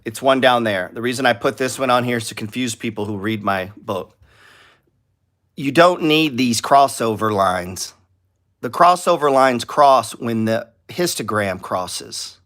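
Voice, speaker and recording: A middle-aged man talks through stock charts on a live stream, blunt and profane. He lectures viewers bluntly and with open impatience. His voice sits at an ordinary middle pitch. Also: lively intonation, unhurried, a bit bright. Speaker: trading show host.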